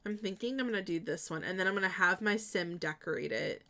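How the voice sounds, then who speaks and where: A woman's voice: mid-range voice, fast talker, slight background noise. Chatty giggly young woman streamer. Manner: chatty, giggly, bursts of excitement. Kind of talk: casual stream chat while building in a game.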